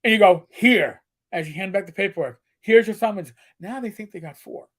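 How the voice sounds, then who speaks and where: A man's voice: high voice, brisk, a bit bright. Middle-aged man, co-host, casual storyteller, crude joking, slips into voices. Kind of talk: casual chat, telling stories.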